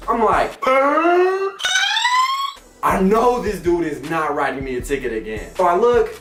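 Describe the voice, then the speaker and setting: A young man hosting his own show, telling a funny personal story with animated, squeaky outbursts and playful voices. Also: fairly quick, over music. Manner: animated, breaks into squeaky exclamations and mock singing. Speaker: comedic storyteller host. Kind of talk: comedic storytelling vlog. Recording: echoey room, mic at a distance.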